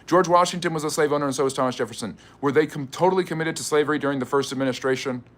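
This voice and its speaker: A man's voice: on the high side, rapid-fire. A man hosting a live history stream, reading viewer questions aloud and answering them in a chatty way. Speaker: history channel host.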